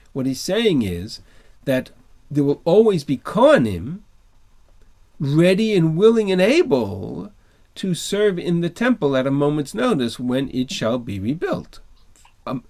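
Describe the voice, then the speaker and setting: A man's voice: sits high, darkish tone. A man teaching a text-study class over a video call, reading verses and then explaining them with emphatic rhetorical questions.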